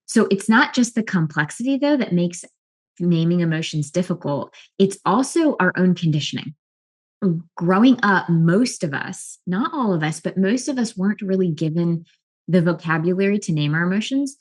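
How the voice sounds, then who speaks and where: A middle-aged woman, a life and wellness coach, explaining emotions in a calm, earnest way with frequent restarts. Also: on the low side, moderate pace. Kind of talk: explanatory talk to camera.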